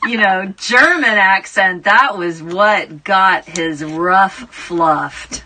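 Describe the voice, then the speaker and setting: A woman's voice: on the low side, takes it slowly, sharp tone. A woman co-presenting a radio talk show with playful, cheeky banter. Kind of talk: casual radio chat.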